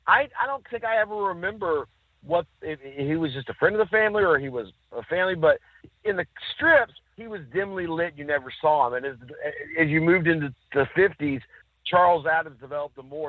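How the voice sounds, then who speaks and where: A man co-hosting a casual chat, telling stories with lively acted-out quotes. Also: fairly high pitch, dry recording. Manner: animated storyteller, acts out quotes. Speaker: podcast co-host. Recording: dry, tinny phone-like sound.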